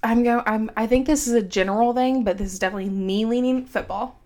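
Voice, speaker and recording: A woman's voice: fairly high pitch, fairly even intonation, quick pace, darkish tone. A young woman co-hosting a podcast, chatting casually with a stuffy nose and frequent giggles. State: congested. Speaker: podcast co-host. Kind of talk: casual chat.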